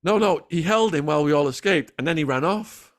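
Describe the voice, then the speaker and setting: A man with an English accent telling a gritty crime story in an animated way, acting out the voices of the people in it and swearing freely. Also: on the high side, brisk. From England. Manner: lively, acts out quoted voices, swears freely. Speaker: guest storyteller.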